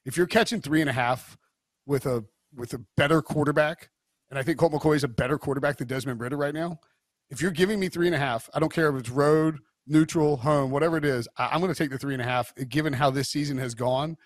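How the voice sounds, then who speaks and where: A man's voice: mid-range voice, no echo, clean studio sound. A man co-hosting a sports betting podcast, giving blunt opinions in a rambling casual way with many restarts. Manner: rambling, frequent restarts and fillers.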